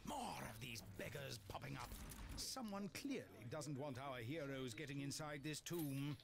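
Grandiose old-time adventure narrator. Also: male voice, medium pitch, lively intonation, moderate pace, gravelly. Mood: jaunty. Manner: grandiose, jaunty announcer delivery. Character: theatrical old-fashioned male adventure narrator. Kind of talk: scripted game narration.

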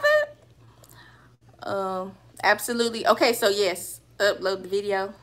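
A young woman from North or South Carolina chats casually on a livestream at home, her mid-range voice a bit bright and carrying a Southern accent. As a hair vlogger, she reads viewer comments aloud in a loose way, trailing off with fillers.

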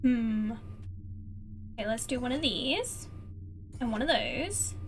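A chatty woman with a high voice, streaming a game live from her desk at home. She laughs often and coos at her cat between play, over a faint background hiss. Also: expressive, slow pace. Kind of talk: live gameplay commentary.

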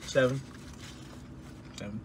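A man's voice: takes it slowly, darkish tone, slight background noise. A young man co-hosting a casual food review while eating inside a parked car, blunt and teasing. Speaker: podcast co-host doing a food review.

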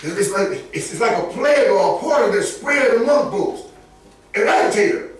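A man preaching a sermon, emphatic and animated, often rising into shouts and chuckling between points. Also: sits high, moderate pace. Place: church sanctuary. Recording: echoey church from far off.

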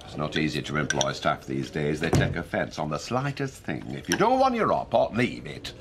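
Brief: older pub landlord, pompous and flowery, very lively pitch. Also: male voice, moderate pace, heavy background noise, full character voice. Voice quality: grandiose, repetitive phrasing. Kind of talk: TV soap drama acting.

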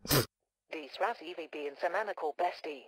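A synthetic woman's text-to-speech voice giving chatbot replies in a flat, machine-like delivery. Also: sits low, moderate pace, poor audio. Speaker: chatbot avatar voice.

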